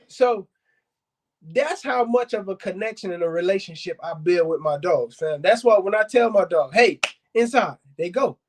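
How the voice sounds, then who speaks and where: A man who breeds dogs hosts a casual advice talk, addressing viewers directly as "fam" and "y'all." He's blunt and emphatic, repeating himself for stress. His voice sits high, at normal speed.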